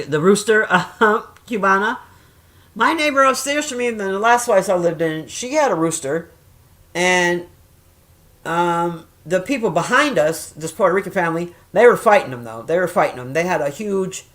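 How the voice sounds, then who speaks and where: Profane, animated woman telling stories. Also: mid-range voice. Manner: profane, animated, acts out quoted voices loudly. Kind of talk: casual storytelling chat.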